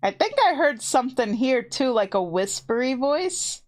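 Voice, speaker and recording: A woman streamer from her home computer setup, casually and excitedly telling ghost stories to her chat in a rambling way. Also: high-pitched, normal speed, slight background noise. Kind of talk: casual storytelling to a live chat. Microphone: desk mic with headphones on.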